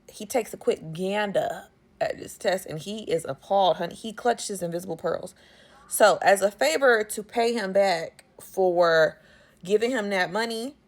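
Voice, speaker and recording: A woman, casually recapping a movie in a sassy, animated way. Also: medium pitch. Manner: sassy, animated storytelling with slang.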